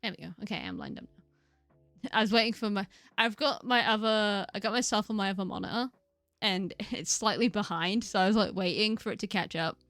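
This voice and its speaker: A woman streaming a game, chatting casually, giggly and rambling, with lots of upward inflections and a slightly croaky voice. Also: medium pitch, big pitch swings, a little fast, fairly bright tone, dry recording, faint music behind. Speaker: VTuber streamer. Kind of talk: casual live-stream chat while gaming.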